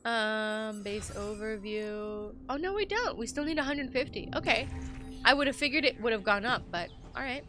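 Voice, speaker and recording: A woman streaming a video game, commenting live and reading the game text aloud, animated and joking, swearing freely. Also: a little high, moderate pace, soft background music. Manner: animated, swears freely, jokes and reacts loudly.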